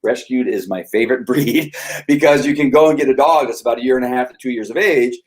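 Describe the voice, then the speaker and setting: A middle-aged man explains dog behavior in a relaxed teaching style, at a medium pitch for a man. He keeps breaking into quick acted-out voices for dogs and people, and his delivery is loose and animated. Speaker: dog trainer. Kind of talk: casual whiteboard teaching.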